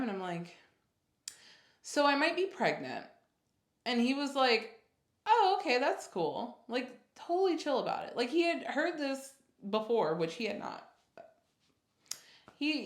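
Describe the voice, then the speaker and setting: A young woman telling a personal story in a casual storytime vlog, animated and full of fillers as she acts out what people said. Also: mid-range voice. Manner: animated retelling, acts out quotes, many fillers. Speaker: vlogger. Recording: roomy echo.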